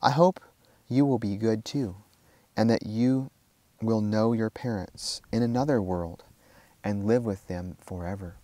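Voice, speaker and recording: A man's voice: fairly low pitch, unhurried, dark tone, dry recording, natural voice. A man reading the lines of a kind, earnest frontier mother in an old-fashioned storybook. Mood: gentle. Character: gentle truthful frontier mother, adult woman.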